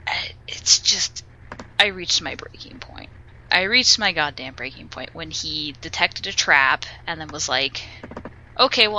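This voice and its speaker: Young woman, podcast co-host, piercing bright voice, lowish pitch, animated swearing rant. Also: lo-fi sound, a little hiss or hum. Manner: animated ranting storyteller, swears freely. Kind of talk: casual podcast chat.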